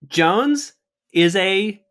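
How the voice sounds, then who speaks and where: A man's voice: high voice, lively intonation, drawn-out words, a bit bright, clear, resonant tone. A man co-hosting a podcast in casual chat, rambling and jokey, laughing often. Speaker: podcast co-host.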